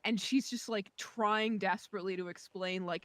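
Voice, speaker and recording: A woman tells a long, meandering story over a voice call from home, her delivery stuffed with "like"s and little restarts. She sits at a mid pitch, and her voice comes through dry and close, with no room sound. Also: fairly even intonation, normal speed, fairly bright tone, no room sound. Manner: rambling, many fillers and likes. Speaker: friend on voice chat. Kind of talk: casual storytelling.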